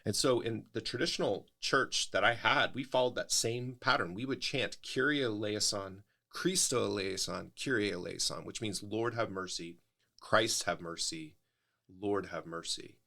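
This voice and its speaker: A man's voice: lowish voice, measured pace, pushed and bright. A middle-aged male pastor in a casual podcast conversation, explaining at length in a thoughtful way, often restarting his sentences.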